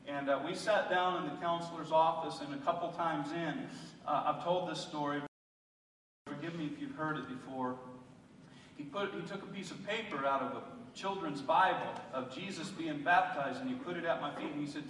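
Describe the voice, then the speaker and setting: A man's voice: mid-range voice, steady tone, a little fast, slight background noise. Impassioned preacher man in an echoey hall. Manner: impassioned storytelling preacher, swinging from loud to hushed. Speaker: pastor. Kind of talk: sermon. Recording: echoey hall heard from a distance.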